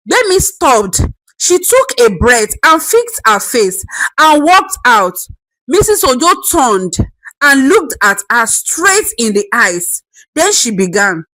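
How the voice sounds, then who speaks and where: A woman's voice: high-pitched, big pitch swings, takes it slowly, bright, forceful tone, dry recording, poor audio. A woman narrating a dramatic family story expressively.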